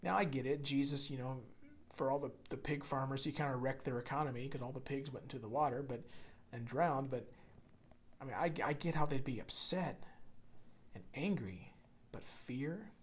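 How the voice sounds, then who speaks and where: A man preaching a sermon, swinging from loud emphasis to hushed near-whispers and repeating words as he builds a point. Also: medium pitch, normal speed, slight background noise. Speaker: pastor.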